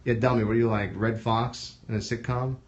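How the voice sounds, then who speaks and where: A man's voice: mid-range voice, fairly even intonation, normal speed, muffled recording, a crowd in the background. A man hosting a casual live stream with comedians, reading viewer comments aloud and chatting loosely, with the odd swear. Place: comedy studio in Los Angeles.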